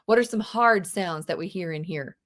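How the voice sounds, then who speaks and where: A woman's voice: on the low side, normal speed. Chatty woman teaching an online class. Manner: chatty, expressive, reads lines aloud dramatically. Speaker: homeschool English teacher. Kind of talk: live online class lecture. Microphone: video call.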